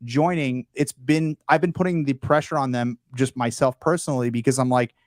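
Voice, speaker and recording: A man's voice: medium pitch, moderate pace, dry recording. Young man telling stories, swearing, dry sound. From Palestinian heritage. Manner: animated, profane storytelling. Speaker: guest content creator. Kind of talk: casual panel chat.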